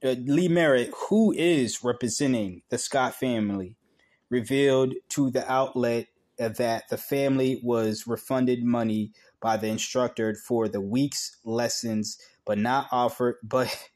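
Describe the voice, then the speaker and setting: Slow, halting man reading news aloud. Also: medium pitch, a little mellow. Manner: slow, halting reading with stumbles and blunt profane asides. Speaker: commentator reading a news article. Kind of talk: casual commentary reading aloud.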